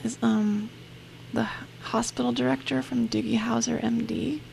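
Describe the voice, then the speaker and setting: A woman's voice: on the high side, steady tone, moderate pace, vocal fry, darkish tone, a little hiss or hum, poor audio. A woman chatting on a live comedy show, hesitant and full of ums. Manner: hesitant, filler-heavy. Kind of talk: loose live banter.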